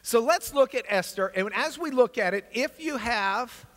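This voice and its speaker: A man teaching a Bible class in an energetic, animated lecture style, with asides to his class. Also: very high voice, normal speed, noisy background. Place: large church classroom. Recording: long hall reverb.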